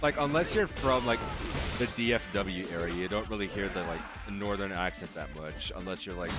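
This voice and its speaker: A young man with a light Texan accent, casually rambling and swearing while commenting on a video game. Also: fairly low pitch. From Texas. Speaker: gaming YouTuber. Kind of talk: let's play commentary. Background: game music.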